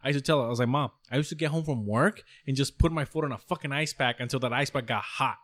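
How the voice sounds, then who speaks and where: Fast-talking young man, swearing casually. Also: medium pitch, a bit bright. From born outside the US. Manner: swears freely, acts out arguments with his mom. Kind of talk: casual chat.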